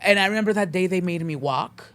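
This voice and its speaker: A young man guesting on a podcast, telling a story with lively impressions of other people and slipping Spanish words into his English. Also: high voice, quick pace. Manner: animated storytelling, acting out other people's voices. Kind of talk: casual chat.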